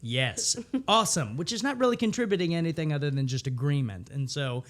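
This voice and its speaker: A man in his thirties talks through improv stories in a relaxed interview. His pitch swings widely, and he jumps up into a higher voice to act out quoted lines. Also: quick pace. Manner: animated storyteller, acts out quotes in a higher voice. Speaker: improviser guest. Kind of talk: casual interview chat.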